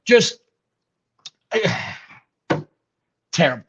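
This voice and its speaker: A man's voice: drawn-out words, a bit bright. A man co-hosting a casual wrestling podcast, recapping events with dismissive play-by-play. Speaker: podcast co-host. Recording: dull lo-fi audio.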